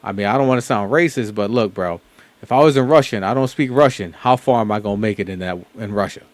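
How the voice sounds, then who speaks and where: A man's voice: fairly low pitch, quick pace, dry recording. A man hosting a reaction video, talking in a rambling, casual way with fillers and profanity. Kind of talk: casual commentary.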